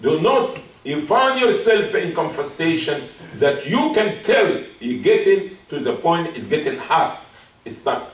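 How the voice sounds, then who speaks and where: A man's voice: a little high, sing-song, unhurried. A man preaching a Friday sermon, emphatic and repeating his key points. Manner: acts out soft apologetic asides. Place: mosque hall. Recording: roomy, distant mic.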